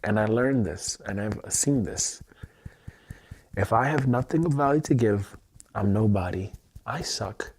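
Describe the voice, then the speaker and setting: A man's voice: on the low side, unhurried, darkish tone, breathy edge. A man leading an emotional tapping livestream, speaking in intense, repetitive affirmations with some swearing. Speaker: self-help livestreamer.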